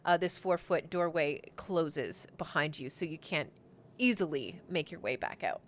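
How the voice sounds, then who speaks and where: A woman's voice: deep voice, a little slow, a little hiss or hum. A woman narrating as game master in a casual, chatty way, with lots of fillers, on a close mic.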